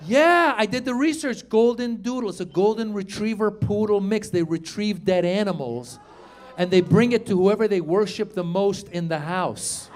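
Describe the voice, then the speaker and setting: A middle-aged man from Iran performs stand-up, his voice sitting fairly high for a man. He spins stories with animated energy and bursts into shouted punchlines, over a faint hum in the background. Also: moderate pace. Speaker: stand-up comedian. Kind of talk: stand-up routine.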